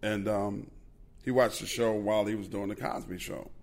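A man hosts a podcast, telling loose, profane anecdotes. His low voice has a gravelly edge. He talks in a casual, animated way. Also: normal speed. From Queens, New York. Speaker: podcast host. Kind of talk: casual storytelling.

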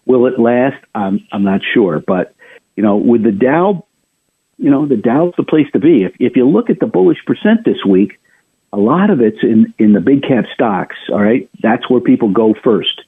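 Man, radio host, market commentary, conversational, husky, tinny phone-line sound. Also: medium pitch, lively intonation, moderate pace. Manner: chatty, addresses listeners directly, many restarts.

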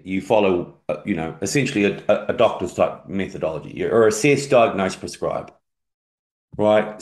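A business coach with a very low voice talks through a casual podcast chat. He tells stories and acts out both sides of his conversations with clients. The sound is roomy, with a noticeable echo. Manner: animated storyteller who acts out client dialogues.

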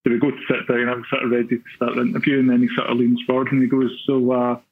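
Glaswegian guest storyteller, husky, tinny phone-like line, rambling and self-deprecating. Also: male voice, mid-range voice, completely flat delivery, fast talker. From Scotland. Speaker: podcaster guest. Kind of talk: casual storytelling.

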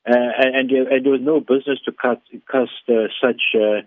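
A man's voice: mid-range voice, steady tone, normal speed, no room sound. A man, a former councillor giving a radio interview by phone, speaking formally and emphatically with frequent stumbling restarts. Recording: tinny dry phone line.

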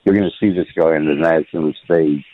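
A man's voice: rumbling low, steady tone, brisk, dry recording. A man calling in to a radio show, giving his opinion with many hesitations and fillers. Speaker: radio caller. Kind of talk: call-in opinion. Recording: muffled phone line.

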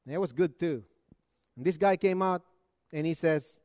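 A man with a fairly high voice preaches to his congregation, swinging between loud emphatic lines and quiet, low asides. The sound is dry and close, with little room around it. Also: normal speed, long pauses, dry recording. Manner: preaching with dramatic rises and drops, conversational asides. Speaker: pastor. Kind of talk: sermon.

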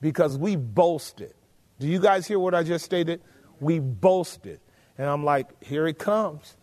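A man's voice: fairly high pitch, animated, takes it slowly, a little mellow. A man preaching a sermon, emphatic, often asking the congregation rhetorical questions. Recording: long hall reverb.

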